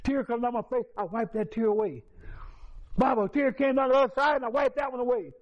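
A man giving a personal testimony in a lively, colloquial storytelling way, with many restarts. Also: very high voice, fairly quick, muffled recording. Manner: colloquial, repetitive restarts, chuckles through the story.

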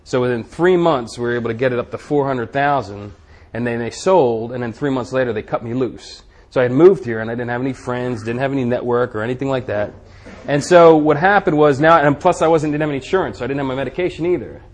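A middle-aged man telling his personal recovery story to a live audience, candid and conversational, his voice dropping quiet and low when he recalls his own thoughts. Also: fast talker. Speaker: speaker giving a recovery testimony.

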